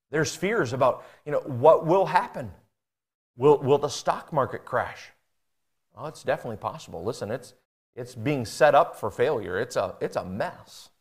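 A man preaching a sermon, reading scripture aloud and speaking earnestly, swinging between emphatic high peaks and quiet low passages. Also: slightly rough.

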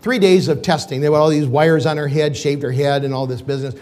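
Older preacher telling a personal story. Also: male voice, on the high side, steady tone, fast, darkish tone. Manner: emotional, rambling with restarts. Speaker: pastor. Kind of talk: storytelling sermon.

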